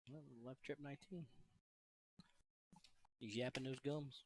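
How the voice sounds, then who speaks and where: A man adds color commentary to a live darts stream, easygoing and quick to joke. His voice has an average pitch. It is recorded dry and close, with no room echo. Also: fairly even intonation. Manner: easygoing, laughing banter.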